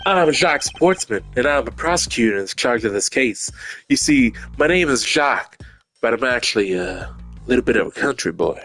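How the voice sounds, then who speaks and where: A man's voice: medium pitch, animated, moderate pace, fairly bright tone, faint music behind. A man doing an easygoing country-boy prosecutor. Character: laid-back young male prosecutor, country boy.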